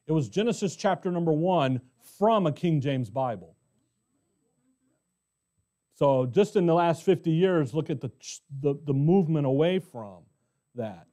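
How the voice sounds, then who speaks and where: A middle-aged American pastor teaching verse by verse in a conversational way, often asking the congregation questions. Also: male voice, on the high side, animated, a little slow, long pauses, warm tone. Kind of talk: expository Bible teaching.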